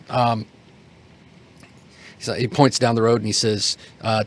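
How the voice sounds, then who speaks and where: A man's voice: lowish voice, steady tone, a little slow, pauses often. A man narrating as game master for a tabletop game, talking in a rambling way with many fillers and restarts.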